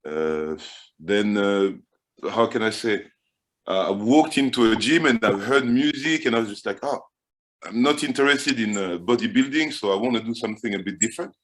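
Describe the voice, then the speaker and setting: A man's voice: lowish voice, moderate pace, a bit bright. A man with a French accent speaking as a guest coach on a video call, often stammering and repeating words. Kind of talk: casual video-call interview.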